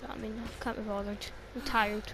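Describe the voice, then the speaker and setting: A woman's voice: mid-range voice, steady tone, fairly quick, over a noisy crowd. A young woman commentating her own gameplay, exclaiming and swearing at the game and grumbling about lag. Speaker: gaming video creator.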